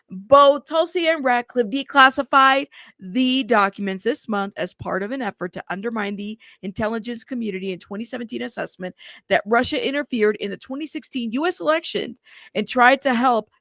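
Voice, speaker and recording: A woman's voice: fairly high pitch, creaky, fairly bright tone, no room sound, clean studio sound. A woman hosting a casual news commentary show, reading headlines aloud and reacting to them in a chatty way.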